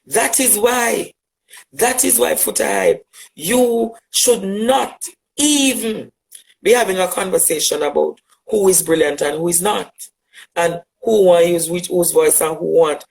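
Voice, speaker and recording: A Jamaican man with a Jamaican accent, an LGBTQ advocate, launches into a fiery, rhetorical monologue aimed at a critic, repeating phrases for emphasis. His voice sits high and is a little slow and creaky. The recording quality is low.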